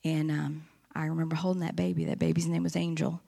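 Church member, female, middle-aged; low-pitched with vocal fry; earnest, animated testimony. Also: quick pace. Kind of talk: personal testimony.

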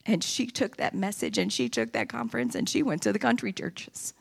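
A woman's voice: medium pitch, big pitch swings, brisk, gravelly, breathy edge. A woman giving an impassioned sermon testimony in a church, rising into emphatic preaching. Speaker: church speaker. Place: church sanctuary.

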